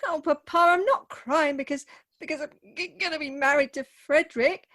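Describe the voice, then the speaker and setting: A woman's voice: sits high, moderate pace, a bit bright. A woman playing a weepy, melodramatic young bride. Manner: wailing, melodramatic. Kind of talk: Zoom radio play acting.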